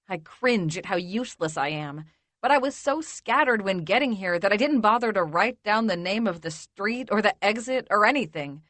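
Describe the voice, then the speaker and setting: A woman narrating a first-person romance audiobook in a measured, intimate way. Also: medium pitch, animated, a bit bright, dry recording.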